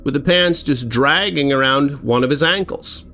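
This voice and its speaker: A man's voice: mid-range voice, moderate pace, sharp tone, faint music behind. A man telling a horror story in a casual, rambling way, full of fillers and restarts.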